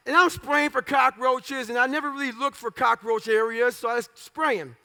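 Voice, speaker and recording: A man with a strikingly high, gravelly voice tells his story in short, blunt, profane bursts. His delivery is forceful, with sudden loud outbursts. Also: steady tone, moderate pace, hardly any pauses. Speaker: motivational speaker. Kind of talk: storytelling talk.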